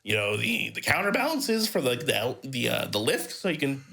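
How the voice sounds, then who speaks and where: A man's voice: medium pitch, very animated, creaky, bright, forceful tone, heavily acted. A man voicing an eager male tinkerer who halts and rambles while proudly showing off his gadgets in a tabletop game. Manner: rambling, halting, boastful.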